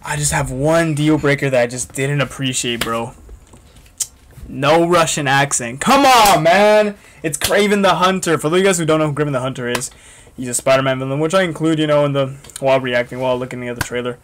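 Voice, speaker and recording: A young man hosting a reaction video, excitable and swearing often in casual commentary. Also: mid-range voice, quick pace, slight background noise.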